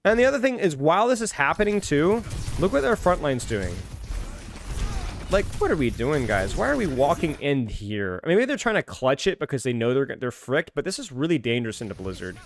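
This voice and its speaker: An exasperated man talks through a match replay in a loose, rambling way, circling back to the same phrases again and again. His voice sits a touch high and swings widely in pitch. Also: very animated, brisk, a little hiss or hum. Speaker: esports match reviewer. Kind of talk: casual game review commentary.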